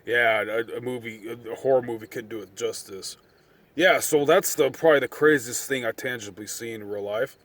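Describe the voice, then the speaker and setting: A man's voice: mid-range voice, moderate pace, dry recording. A man in his thirties telling a long personal story to camera, rambling and swearing freely, getting worked up as he relives it. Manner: profane, rambling, excitable when reliving events. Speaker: storyteller vlogger. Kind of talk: casual storytelling monologue.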